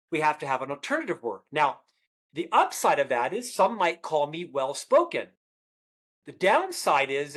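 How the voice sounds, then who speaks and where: Animated middle-aged man who stutters. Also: fairly high pitch. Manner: stutterer, animated storyteller acting out dialogue. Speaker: guest author. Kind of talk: conversational podcast interview.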